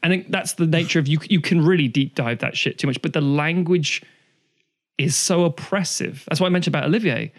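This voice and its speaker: A man's voice: on the high side, brisk. A man, co-hosting a casual podcast chat, rambling through long digressions and swearing freely. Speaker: podcast co-host.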